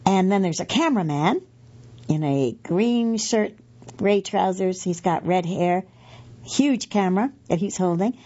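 A woman's voice: medium pitch, lively intonation, a little slow, warm tone, dull audio. A middle-aged woman reading magazine pieces aloud for a podcast, chatty and correcting herself with asides.

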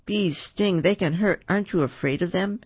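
Man doing a squeaky scared little raccoon. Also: moderate pace, husky, no room sound, muffled recording. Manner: squeaky and nervous. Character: small timid young male raccoon.

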